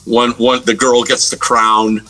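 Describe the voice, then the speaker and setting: A man's voice: medium pitch, level tone, a little slow, sharp tone, poor audio. A middle-aged man from the United States, a guest guitarist telling stories in a casual interview, rambling with many fillers and restarts.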